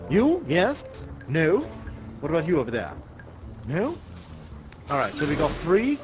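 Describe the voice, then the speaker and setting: A courtly, chuckling professor. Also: male voice, a little high, wildly swooping pitch, unhurried, music in the background. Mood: genial. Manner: courtly and polite, chuckles often. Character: genteel, chatty male professor guide. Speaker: live actor guiding players. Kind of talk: live virtual-reality theater performance.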